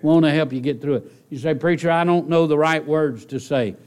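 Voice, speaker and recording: A man's voice: on the high side, brisk, a little mellow. A man preaching a sermon, earnest and conversational, rising to emphatic, raised passages. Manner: conversational asides, direct questions to the congregation.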